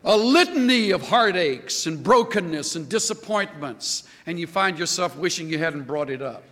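A man preaching a sermon as pastor, emphatic and lively, quoting scripture. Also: fairly high pitch, normal speed, long reverb tail.

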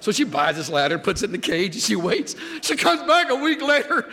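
A man preaching a sermon, animated, building up to a joke story. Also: high voice, a little fast, long reverb tail. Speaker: pastor.

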